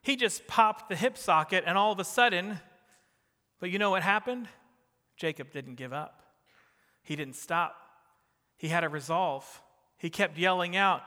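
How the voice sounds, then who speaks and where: A middle-aged man with a New Jersey accent preaching a sermon, swinging between emphatic rising bursts and soft, quiet drops. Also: sits high, normal speed, long pauses, big-room sound. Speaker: pastor.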